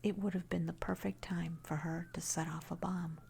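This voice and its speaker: A woman narrating a first-person horror story in a hushed, unvoiced whisper throughout. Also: on the low side, little pitch movement, normal speed, gravelly, slight background noise.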